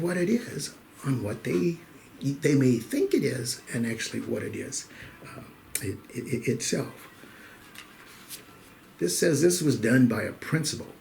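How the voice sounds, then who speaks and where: Middle-aged guy hosting a weekly show, gravelly voice, folksy and chatty, tells jokes to the folks. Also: medium pitch, slight background noise. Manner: folksy, talks straight to listeners as "folks". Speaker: host. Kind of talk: casual monologue telling jokes.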